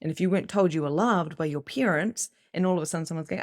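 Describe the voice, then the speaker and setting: A woman giving a casual spiritual lesson to camera in an expressive style, acting out inner voices and swearing now and then. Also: lowish voice, quick pace. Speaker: psychic medium and spiritual teacher.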